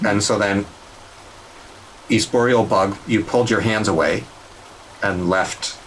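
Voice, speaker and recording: A man's voice: fairly low pitch, measured pace, fairly bright tone, a little hiss or hum, rough recording. A man running a tabletop game, explaining what happens with hesitant, filler-heavy speech. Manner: hesitant, many fillers while explaining rules. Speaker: game master.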